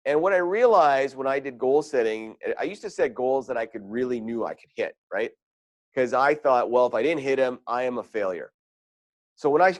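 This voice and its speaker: A man's voice: medium pitch, dry recording. A man giving a motivational talk on goal setting as a sales coach, conversational and full of personal stories. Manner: conversational, storytelling with quoted asides.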